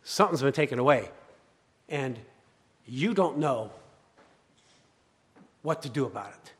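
A male pastor preaching a sermon, swinging between loud urgency and hushed, quiet passages. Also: medium pitch, expressive, a little slow, slightly rough. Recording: long hall reverb.

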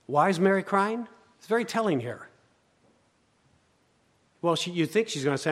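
A male pastor preaching a sermon, swinging between loud urgency and hushed, quiet passages. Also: sits high, expressive, moderate pace, long pauses. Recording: long hall reverb.

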